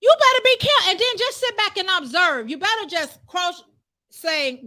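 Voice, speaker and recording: Fervent high-voiced woman preaching. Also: animated, moderate pace, pushed and bright. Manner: fervent, repetitive, conversational preaching. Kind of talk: live-streamed sermon.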